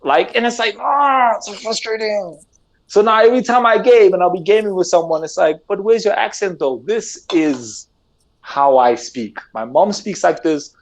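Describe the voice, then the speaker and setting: A man's voice: sits high, expressive, moderate pace. A man from South Africa with a South African English accent, talking earnestly and animatedly in a casual discussion, often repeating words as he presses his point. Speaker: podcast guest, gamer.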